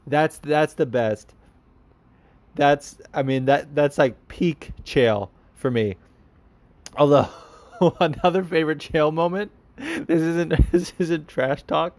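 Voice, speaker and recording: A man's voice: fairly high pitch, a little mellow, dry recording. A man hosting a podcast, answering listener questions in casual, rambling chat with lots of fillers and restarts. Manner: rambling, many fillers and restarts, laughs often. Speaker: podcast host.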